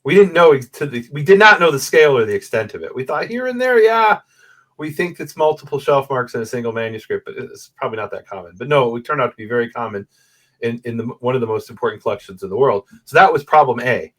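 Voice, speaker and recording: A man talks through his research as a guest on a video call, mid-pitched and animated. He explains step by step and keeps checking in with his listener. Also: quick pace. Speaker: guest, Bible manuscript scholar. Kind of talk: explanatory conversation. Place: room with a bookshelf photo backdrop.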